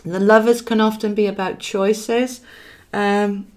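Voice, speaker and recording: Slow and flat in delivery, her mid-range voice carries a darkish tone. The Welsh-accented woman runs a live tarot session in a chatty way, thinking aloud over each card she draws and affectionately calling her audience darling.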